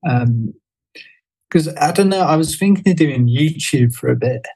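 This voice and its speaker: A man's voice: fairly high pitch, lively intonation, moderate pace, dark tone, slightly rough, low-quality recording. A man, a podcast guest, chatting casually and hesitantly, with many fillers and restarts. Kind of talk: casual chat.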